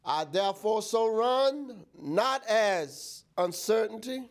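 A male pastor preaching a sermon, reading scripture aloud and speaking in a slow, drawn-out cadence with frequent amens. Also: high voice, expressive. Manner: reads scripture in King James wording.

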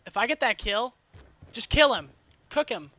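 A young man commentating live over his own shooter match, excitable and swearing, flaring into frustrated outbursts. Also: very high-pitched, moderate pace, dry recording. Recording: noisy game sound underneath. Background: game gunfire and effects.

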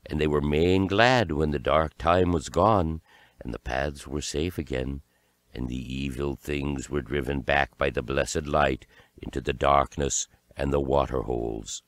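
A man with an extremely deep voice narrates a fairy tale at an unhurried, measured pace. The recording is dry and close, with no room sound. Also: steady tone, dry recording. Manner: slow, deliberate storytelling. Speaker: storyteller.

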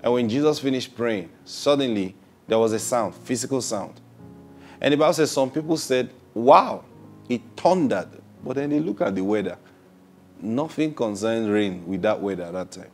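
A man's voice: medium pitch, lively intonation, a little mellow, soft background music. A man preaching a sermon, drawing out key words and repeating himself as he builds each point. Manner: drawn-out emphatic phrasing with repetitions.

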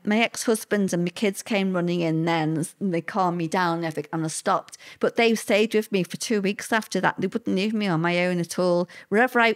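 An older woman, a guest recalling hard times in a halting, emotional way with many fillers. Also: mid-range voice. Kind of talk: personal interview recollection.

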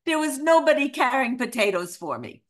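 A woman's voice: high voice, big pitch swings, moderate pace, pitched above the performer's own voice. A woman voicing an elderly Holocaust survivor with a put-on Eastern European accent, blunt and affectionately scolding. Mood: indignant. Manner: matter-of-fact, affectionately scolding.

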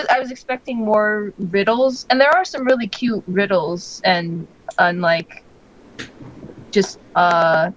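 Rambling woman on a lo-fi podcast. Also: mid-range voice. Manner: rambling, many fillers and restarts. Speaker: podcast co-host. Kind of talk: casual chat. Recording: dull lo-fi podcast audio.

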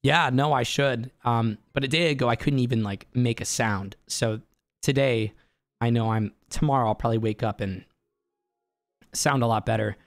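A hoarse man, a voice actor, telling stories excitedly and laughing easily in a casual streaming chat. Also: medium pitch, no echo, clean studio sound, faint music behind. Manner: excitable storyteller, quick to laugh. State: hoarse from an inflamed larynx.

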